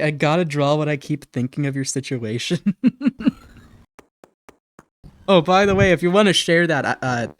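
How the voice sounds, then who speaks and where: A streamer playing a life-sim game in casual live-stream chat, who jokes, swears freely, laughs at their own slips and sometimes drops into a put-on mobster accent. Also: mid-range voice.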